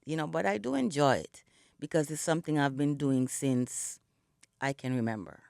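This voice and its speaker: Expressive and at a moderate pace, a middle-aged Jamaican singer on a radio interview speaks in a low, creaky, slightly mellow voice. She reflects and tells stories, saying "you know" a lot, still in her morning voice and not yet warmed up. The studio-quality audio has no echo.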